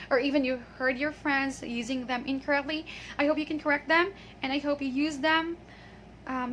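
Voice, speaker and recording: A woman's voice: high-pitched, bright, forceful tone, a little hiss or hum. A woman teaching pronunciation in an online lesson, patient and encouraging, often checking in with "okay". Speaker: English teacher.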